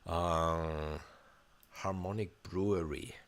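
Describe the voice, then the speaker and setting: A man's voice: sits low, steady tone, slow. A man composer live-streaming a walkthrough of a sample library, talking in a chatty, enthusiastic way with frequent restarts. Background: faint instrument demos playing.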